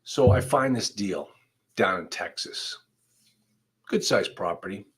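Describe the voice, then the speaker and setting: A man's voice: on the low side, expressive, slow. A man, an attorney, hosting a live online law class in a conversational, emphatic way, speaking straight to his viewers. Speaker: attorney host. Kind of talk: livestream legal class.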